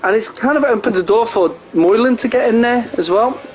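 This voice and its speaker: A man giving casual live sim racing commentary, excitable and jokey, often laughing at his own crude remarks. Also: very high-pitched, fairly quick, a little hiss or hum, low-quality recording. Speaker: race commentator.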